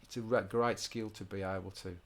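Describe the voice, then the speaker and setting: A man's voice: sits low, fairly even intonation, brisk. A man teaching a guitar rhythm lesson in an informal way, often restarting his sentences and counting beats aloud.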